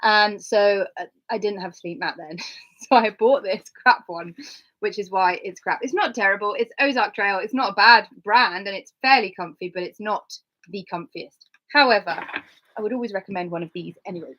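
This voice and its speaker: A middle-aged woman from Cornwall, chatting casually about her hiking gear and telling lively stories. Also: normal speed. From Cornwall, England. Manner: chatty and animated, acts out dialogue in a higher voice. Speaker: hiker and vlogger. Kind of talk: casual gear talk with storytelling. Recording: slightly dull lo-fi sound.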